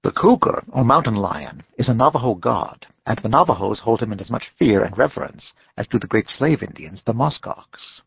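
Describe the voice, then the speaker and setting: A man narrating a western novel as an audiobook, in a measured storytelling manner. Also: medium pitch, sing-song, gravelly, breathy edge, no echo, dull audio.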